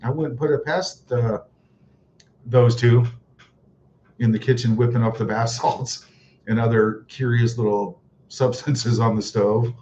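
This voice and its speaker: A man's voice: medium pitch, fairly even intonation, a little slow, long pauses, warm tone. A man chatting on a livestream, his talk sarcastic and full of mocking chuckles. The audio is dull and lo-fi, with a faint hiss behind him. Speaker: livestream host reading chat. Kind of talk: casual livestream chat.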